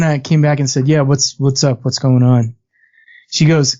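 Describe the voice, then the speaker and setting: A man's voice: medium pitch, steady tone, a little slow, dark tone. A man co-hosting a casual podcast, sarcastic, telling a family story. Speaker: podcast co-host. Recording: dull lo-fi podcast audio.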